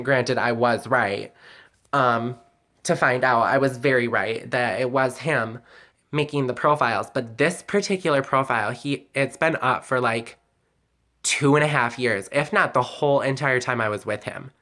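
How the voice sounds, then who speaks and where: A man's voice: mid-range voice, pushed and bright. A man telling a personal story in a confessional vlog, candid and emotional, rambling with many "like"s and the odd swear word. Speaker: vlogger.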